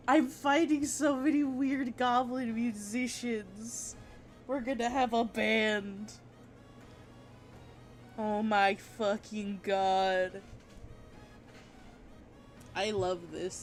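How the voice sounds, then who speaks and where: A woman chatting casually on a livestream while she draws, gushing and giggling, with bursts of excitement and casual swearing. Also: on the high side. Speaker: art streamer.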